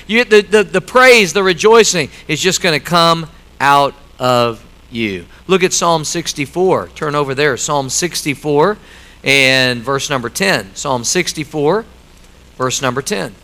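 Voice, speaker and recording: A middle-aged man preaching a sermon in a church, swinging between loud emphatic lines and quiet joking asides to the congregation. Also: on the high side, lively intonation, a little slow, poor audio. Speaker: pastor. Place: church sanctuary.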